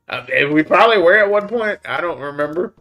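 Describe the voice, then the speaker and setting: A man's voice: fairly high pitch, lively intonation, normal speed, pushed and bright, soft background music. A man, hosting a casual livestream, reading the chat in a laid-back way, chuckling often and calling people "man" and "buddy". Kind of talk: casual live-stream chat.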